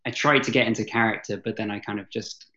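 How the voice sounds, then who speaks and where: A dungeon master talking as a guest on a casual podcast. The speech is hesitant, with repeated words and soft chuckles. The audio comes through dull and lo-fi. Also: medium pitch, fairly even intonation, quick pace. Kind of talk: casual chat.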